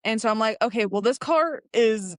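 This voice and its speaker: Lively young woman telling a story. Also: on the high side, normal speed, no echo, studio quality. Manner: animated, laughs often, acts out quoted lines. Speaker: guest telling her car story. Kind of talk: casual storytelling chat.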